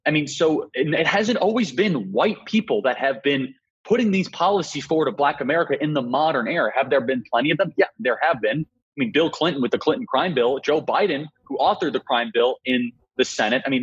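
A young man speaks quickly and emphatically, pressing his points one after another. His voice is husky and a little raspy. The audio sounds dull and lo-fi. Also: mid-range voice, lively intonation. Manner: emphatic, rapid argumentative delivery. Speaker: guest, political activist. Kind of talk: political interview.

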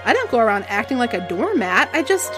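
A woman's voice: on the high side, sing-song, fast talker, music in the background. Principled teenage girl, frustrated, storybook reading, voiced by a woman, scolding tone. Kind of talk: reading a novel aloud.

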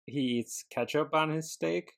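A man's voice: a little high, measured pace, creaky, a bit bright. A man co-hosting a casual wrestling podcast, chatting and joking in an easygoing way. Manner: joking, laid-back commentary. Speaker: podcast co-host.

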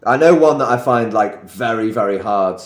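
A man from England with a lowish voice, chatting on a podcast. He tells stories animatedly, acting out what people said. The recording has a roomy echo. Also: moderate pace. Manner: storytelling, animated when acting out quotes. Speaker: podcast co-host. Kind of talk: casual chat.

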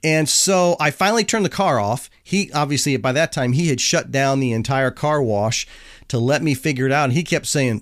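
A middle-aged man telling a casual personal anecdote in an animated, self-deprecating way, chuckling as he goes. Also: medium pitch, normal speed, dry recording, studio quality. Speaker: storyteller.

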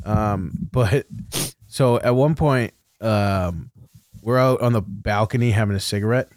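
A man's voice: on the low side, measured pace, darkish tone, dry recording, studio quality. A man co-hosting a casual chat, telling rambling stories with frequent laughter. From New England. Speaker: podcast co-host.

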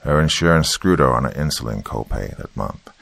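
A man voicing a gruff uncle who tells a creepy story in a blunt, profane, conversational way. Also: extremely low pitch, animated, brisk, a bit bright, no echo, pitched below the performer's own voice, heavily acted. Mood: storytelling. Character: gruff middle-aged uncle, rideshare driver telling a story.

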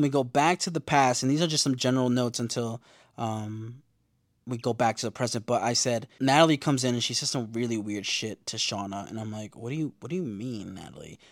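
A man in casual recap mode, talking fast and loose with slang and jumping into quick impressions of the characters. His pitch sits mid-range, and the sound is dry and close with no room around it. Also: dry recording. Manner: animated, slangy, acts out quotes. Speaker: show recapper.

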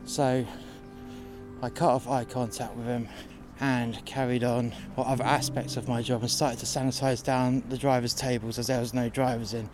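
A man's voice: medium pitch, level tone, moderate pace. A man telling a sweary, exasperated story about his job, recorded outdoors in the cold. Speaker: narrator telling a work story. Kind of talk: casual storytelling. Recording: music playing behind. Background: music.

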